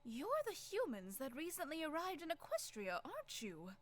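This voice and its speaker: A woman voicing a stern, formal pony headmistress on a high council, in a fan-made game. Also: big pitch swings, normal speed, slight background noise. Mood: gracious. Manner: formal, prim. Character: stern, proper pony headmistress, middle-aged. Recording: game audio with music behind.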